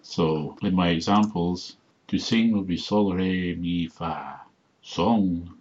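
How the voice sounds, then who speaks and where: Male podcast host, very low voice, methodical explainer, slightly dull lo-fi audio. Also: darkish tone. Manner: methodical, reads out word lists slowly. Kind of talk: solo explanatory podcast talk.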